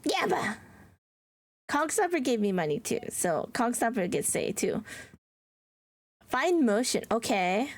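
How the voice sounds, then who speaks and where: A woman's voice: a little high, big pitch swings, a little slow, pauses often. A woman streamer in casual livestream chat, playful and giggly as she answers her viewers, with mock-whiny dramatic teasing.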